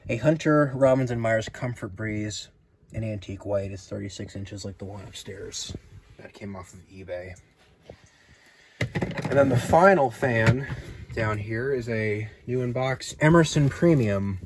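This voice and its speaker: Man, lowish voice, rambling vlog walkthrough, slightly winded, faint clicks and hiss. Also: measured pace. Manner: rambling, cataloguing items aloud with fillers. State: slightly out of breath. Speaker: ceiling fan collector giving a home tour. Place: house, garage and storage rooms.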